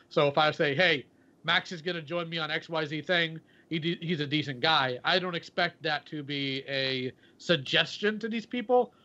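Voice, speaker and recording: A man's voice: on the high side, bright, forceful tone. A man on a podcast call, speaking plainly, firmly and with self-assurance. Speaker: podcast guest. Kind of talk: casual chat. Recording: dull lo-fi call audio.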